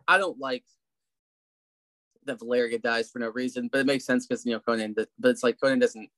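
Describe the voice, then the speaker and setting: A man's voice: mid-range voice, brisk, fairly bright tone, dry recording. A man co-hosting a casual movie review podcast, rambling and swearing and slipping into mocking voices. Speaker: podcast co-host.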